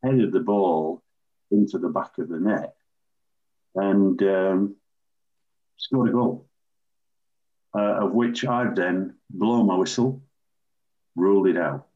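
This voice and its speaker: An older man from England, a former referee, telling animated anecdotes as an interview guest. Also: fairly low pitch. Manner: animated raconteur, acts out quoted voices. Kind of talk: anecdotal storytelling. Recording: dull lo-fi recording.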